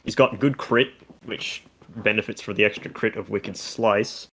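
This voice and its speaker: A man's voice: fairly low pitch, moderate pace, fairly bright tone, husky. A man co-hosting a casual video game discussion, talking through stats and mechanics in detail. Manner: analytical, talks through game numbers. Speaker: content creator co-host.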